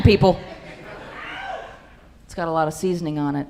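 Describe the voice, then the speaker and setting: A woman's voice: low-pitched, steady tone, moderate pace, vocal fry, warm tone, a faint crowd. A young woman doing a stand-up set in a comedy club, brash and profane with punchy delivery into a handheld mic.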